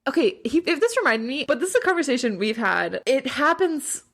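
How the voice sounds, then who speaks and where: A woman co-hosting a podcast, talking in an animated, rambling way full of fillers. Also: high voice, brisk. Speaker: podcast co-host. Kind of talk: casual chat recapping a TV episode.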